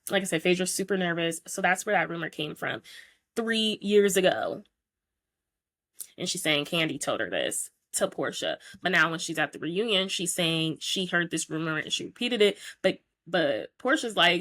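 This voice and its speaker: A woman's voice: fairly low pitch, moderate pace, fairly bright tone. A woman hosting a podcast, retelling reality-show drama in a chatty, opinionated way. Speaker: podcast host. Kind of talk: casual recap commentary.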